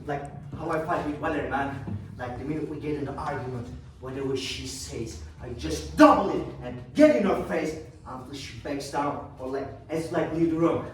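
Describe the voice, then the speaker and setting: A man's voice: a little high, normal speed, slight background noise, close to an everyday voice. An actor playing a cocky, rattled young man who rambles profanely about his family in a theatrical monologue. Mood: agitated rant. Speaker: stage actor performing a monologue. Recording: echoey room, mic far off.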